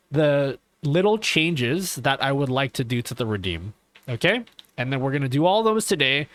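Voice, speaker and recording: Guy streamer rambling to chat, cusses a lot, bouncy lively voice, kinda high. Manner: rambling and profane, keeps asking okay. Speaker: livestreamer. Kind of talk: casual live-stream chat.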